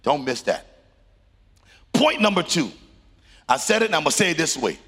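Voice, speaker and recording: Emphatic middle-aged preacher in a reverberant hall. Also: male voice, a little high, sing-song, normal speed, a bit bright, husky. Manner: preaching with rising emphatic bursts and sung phrases. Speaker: pastor. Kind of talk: sermon. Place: church sanctuary. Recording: long reverb of a large hall.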